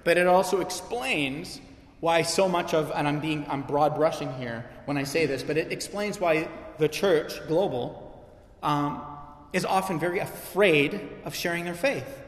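A man's voice: on the high side, a little slow. A middle-aged man preaching to his church, conversational yet impassioned, driving points home with repetition. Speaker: pastor. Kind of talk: sermon. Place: church sanctuary. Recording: echoey hall with long reverb.

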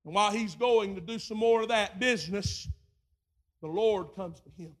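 A man preaching a sermon, moving from quiet storytelling to shouted preaching and acting out voices in his retelling. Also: sits high, moderate pace.

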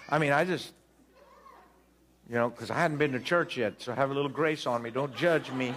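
Man, sixties, preacher, storytelling sermon, animated, acts out dialogue, jokes with congregation, medium pitch. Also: brisk.

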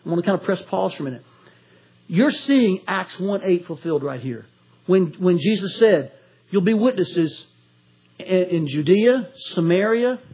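Preaching through scripture verse by verse, this Tennessee man is an animated pastor who voices quotes loudly. He sounds high-pitched and husky, captured on lo-fi audio.

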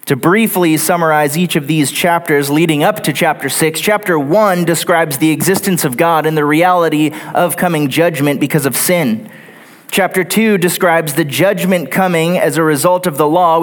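Man preaching an earnest sermon. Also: on the high side. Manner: earnest, builds points in lists and repetition. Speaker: pastor. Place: church sanctuary.

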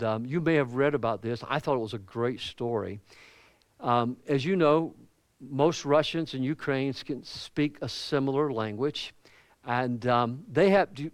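A pastor with a Southern US accent preaching a sermon in a conversational way, with asides and questions to the congregation. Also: male voice, medium pitch, no room sound. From American South.

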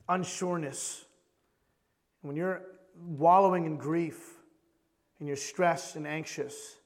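High-voiced impassioned male preacher. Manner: impassioned, swings between loud and hushed, repeats phrases. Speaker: pastor. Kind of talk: sermon. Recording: long hall reverb.

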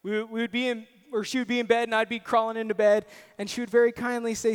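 A man's voice: very high-pitched, little pitch movement, fast talker, clean tone, big-room sound. A young man preaching a sermon, earnest and personal, telling stories on himself with self-deprecating asides. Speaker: pastor.

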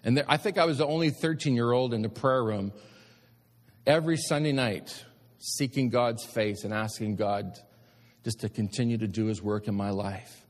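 A man's voice: medium pitch, normal speed. A man preaching in a reverberant hall. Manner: emphatic preaching with repeated appeals to the congregation. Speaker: pastor. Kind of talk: sermon.

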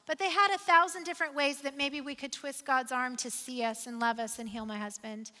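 A woman's voice: high voice, steady tone, a little fast, bright, forceful tone, in a large hall. A woman pastor preaching a sermon, conversational and personal, building to emphatic repeated refrains.

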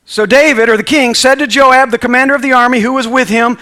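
High-voiced preacher guy, bright and punchy, gets the church to repeat after him. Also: fairly even intonation, fast talker. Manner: emphatic call-and-response preaching, reading scripture aloud. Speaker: pastor. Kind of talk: sermon. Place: church sanctuary with congregation.

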